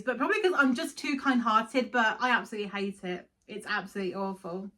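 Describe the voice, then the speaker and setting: A woman's voice: mid-range voice, quick pace, bright, forceful tone. Chatty giggly woman reviewing cartoons. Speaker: video host. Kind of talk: casual cartoon review commentary.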